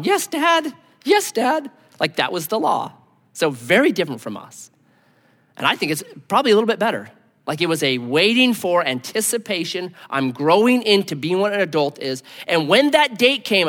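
A man preaching with a high, very lively voice that swings between punchy emphasis and hushed near-whispers. His casual, conversational sermon rings out with long reverb in a church hall. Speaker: pastor.

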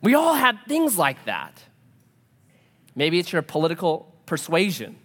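A man preaching a sermon as a pastor, animated and joking, acting out quoted voices. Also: a little high, a little slow, long pauses. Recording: long hall reverb.

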